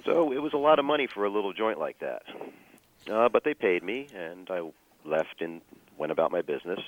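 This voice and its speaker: A man telling a personal story as a guest, measured and full of fillers and restarts. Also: sits low, animated, muffled recording.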